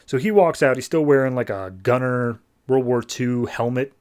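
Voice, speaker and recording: A man's voice: medium pitch, moderate pace, a little mellow. Man casually recapping a story. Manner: rambling, loose storytelling. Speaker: podcast host.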